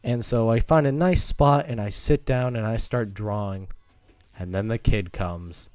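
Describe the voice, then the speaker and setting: A man's voice: mid-range voice, normal speed, a little mellow, clear, resonant tone, no echo, studio quality, soft background music. A teenage boy streamer telling a casual, rambling story, full of fillers and asides.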